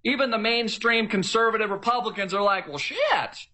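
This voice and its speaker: A man's voice: high-pitched, moderate pace, pushed and bright. A man delivering an emphatic, repetitive political rant, mocking the people he argues with. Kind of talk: ranting political monologue.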